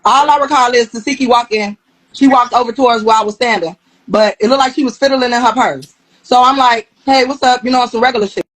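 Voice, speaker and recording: A woman retelling a fight on a live stream, blunt and profane, quoting the back-and-forth with animated heat. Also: on the high side, a little fast, low-quality recording. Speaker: reality show cast member interviewed on a live stream. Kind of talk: heated storytelling on a live stream.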